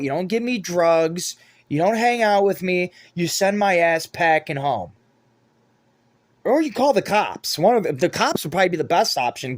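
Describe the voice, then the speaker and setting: A man's voice: medium pitch, dry recording. A man giving a rambling, profanity-laden monologue to camera as a vlogger.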